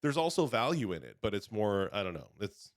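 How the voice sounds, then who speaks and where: A man's voice: lowish voice, sing-song, fairly quick, dry recording, clean studio sound. A young man hosting a podcast, chatting casually and rambling with many restarts. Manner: rambling, self-correcting. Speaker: podcast host. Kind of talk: casual chat.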